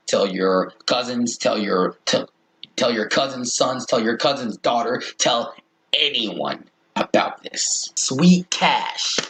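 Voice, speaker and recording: A man taunting slowly, listing people and repeating dares. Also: mid-range voice, sharp tone, reverberant, a little hiss or hum, rough recording. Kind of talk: mocking rant.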